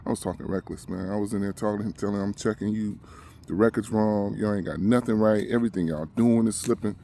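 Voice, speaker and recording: Man, emotional rant, gravelly, short of breath, faint background hiss. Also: on the low side, fairly even intonation, fast talker, mellow. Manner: agitated, repetitive, heated. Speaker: vlogger.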